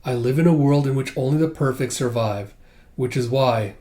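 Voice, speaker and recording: A man voicing a tired, composed young husband who is secretly a spy, in a calm, inner-monologue delivery. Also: medium pitch, moderate pace, natural voice. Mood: earnest.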